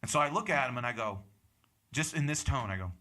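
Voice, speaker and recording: A young comedian and show host tells a bar anecdote in casual storytelling chat, acting out the other people's lines. His mid-range voice is bright and forceful, with lively intonation and a fast pace.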